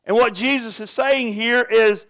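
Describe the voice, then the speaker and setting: A man's voice: extremely high pitch, steady tone, a little slow, fairly bright tone, dry recording. A pastor preaching a sermon to his congregation, earnest and asking them direct questions.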